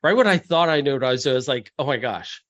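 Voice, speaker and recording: Male seminar presenter, slightly high voice, chatty and explanatory, acts out the people he quotes. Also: lively intonation, rapid-fire, fairly bright tone, lo-fi sound. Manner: conversational, explains step by step; acts out quoted buyers and investors. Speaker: real estate investing presenter.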